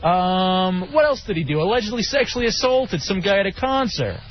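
A man hosting a casual radio talk show, joking and animated. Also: brisk, faint music behind. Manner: animated, joking, jumping pitch. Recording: dull lo-fi broadcast with faint hiss.

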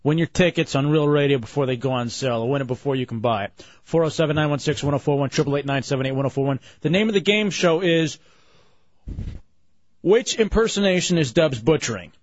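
Man, radio host, casual joking chat, fairly high voice, dry slightly dull broadcast sound. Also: brisk, no echo. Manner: upbeat, joking, rattles off phone numbers. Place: radio studio. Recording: slightly muffled broadcast audio.

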